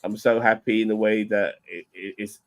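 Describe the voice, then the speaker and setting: A man's voice: fairly low pitch, steady tone, moderate pace. Rambling, swearing British-sounding man. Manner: rambling, swears a lot, repeats words. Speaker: streamer. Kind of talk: casual chat.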